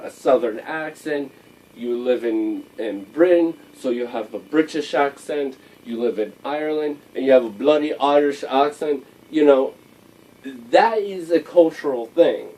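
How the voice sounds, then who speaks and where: Blunt ranting man, mellow distant voice. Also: mid-range voice. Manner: blunt and exasperated, lots of fillers. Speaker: vlogger. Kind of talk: opinionated rant to camera.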